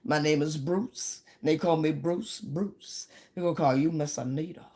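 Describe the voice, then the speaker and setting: A laid-back male comedy host greets a newcomer with a relaxed, drawn-out delivery, as a woman impersonates him. The voice stays close to her own, only a little lower. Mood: easygoing. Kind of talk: stand-up storytelling.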